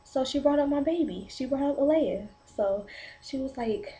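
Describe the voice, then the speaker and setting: A woman's voice: sits high, moderate pace, rough recording. A pregnant teenage girl vlogging, telling a long rambling story about her little sister with lots of "like" fillers. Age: 17 to 19, teen. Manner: rambling, animated retelling with many "like" fillers. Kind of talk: casual storytelling vlog.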